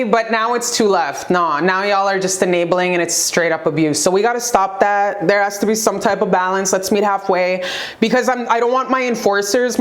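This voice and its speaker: A young woman giving a spiritual motivational talk to her viewers, emphatic and preachy, repeating phrases for effect in a forceful way of speaking. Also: mid-range voice. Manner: forceful, says she talks aggressively. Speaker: vlogger.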